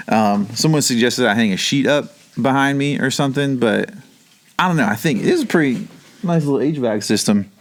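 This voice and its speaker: A male pastor giving a relaxed, conversational Bible teaching from his home basement. His voice sits on the lower side, and his talk wanders into chatty asides and self-corrections. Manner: rambling, chatty, with frequent asides.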